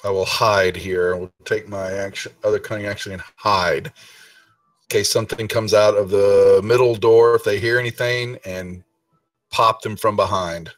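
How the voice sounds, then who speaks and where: A man's voice: lowish voice, fairly even intonation, moderate pace, no echo. A man playing an online tabletop game, plainly stating his character's actions. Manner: matter-of-fact, states his actions. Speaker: player. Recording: distant mic.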